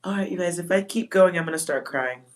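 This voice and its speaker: Woman psychic on a livestream, low voice, blunt, profane, laughs a lot. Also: fast, a little hiss or hum. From Texas. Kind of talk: casual livestream chat.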